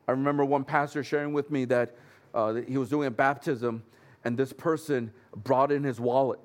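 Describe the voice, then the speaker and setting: Pastor guy preaching, chatty and earnest, mid-pitched voice. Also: fairly even intonation, normal speed. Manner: earnest, conversational preaching with humorous asides. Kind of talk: sermon.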